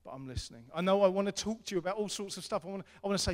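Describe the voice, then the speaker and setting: Earnest pastor guy preaching, repeats himself, voice a bit high, echoey hall. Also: racing. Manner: earnest, repetitive, swings from loud to hushed. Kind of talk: sermon. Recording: long hall reverb.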